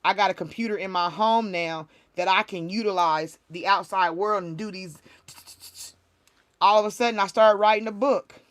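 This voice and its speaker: A woman's voice: medium pitch, moderate pace, fairly bright tone. Woman sharing a heartfelt spiritual testimony. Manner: emotional, repetitive, heartfelt storytelling with many restarts. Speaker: spiritual reader, livestream host. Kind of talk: casual livestream testimony.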